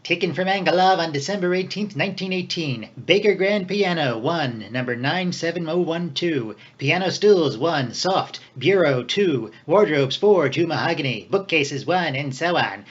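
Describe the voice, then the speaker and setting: A man voicing a greedy, fawning old male record-keeper who talks in a slow, scheming way. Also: on the high side, lively intonation, slightly rough. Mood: fussy. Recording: dull lo-fi recording.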